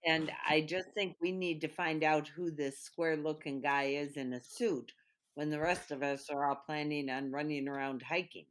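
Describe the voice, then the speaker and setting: A woman's voice: low-pitched, fairly even intonation, moderate pace. A woman playing a tabletop game, earnestly arguing her plan with some hesitation. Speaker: player.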